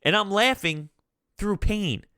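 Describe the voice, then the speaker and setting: A man giving an exasperated, animated fan's reaction to his team's loss as a sports vlogger. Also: high voice, slow pace, clear, resonant tone, no echo, clean studio sound. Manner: animated, exasperated, laughing through frustration. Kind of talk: fan reaction commentary.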